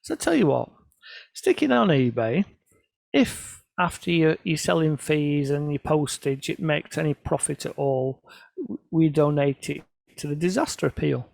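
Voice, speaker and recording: Gravelly man telling stories. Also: a little high, animated, normal speed, darkish tone, no room sound. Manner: storytelling, self-deprecating, quoting others in voices. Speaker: photographer presenting his work. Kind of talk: casual anecdotal talk to an audience.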